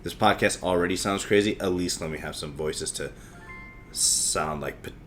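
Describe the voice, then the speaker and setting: A man's voice: low-pitched, normal speed, fairly bright tone, soft background music. A man in his thirties hosting a solo podcast, rambling freely with lots of swearing and self-mocking asides. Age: 30s. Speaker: podcast host.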